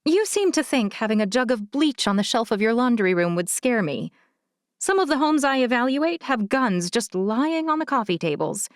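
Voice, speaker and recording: A woman narrating an audiobook, voicing a kind, frank older female social worker who speaks gently and candidly. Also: a little high, big pitch swings, normal speed, no room sound, studio quality, voice pushed up. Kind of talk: audiobook character voice.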